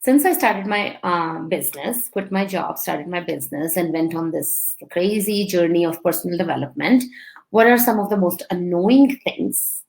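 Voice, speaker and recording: Playful gravelly-voiced woman host. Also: lowish voice, animated, moderate pace, a little mellow. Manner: playful, teasing, laughs often. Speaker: show host interviewing her husband. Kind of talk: casual live-stream chat.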